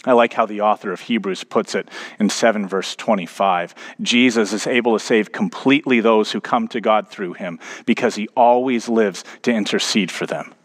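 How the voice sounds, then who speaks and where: A man's voice: on the low side, moderate pace, few pauses. A man in his thirties, a pastor preaching a sermon, telling a story and building to emphatic points.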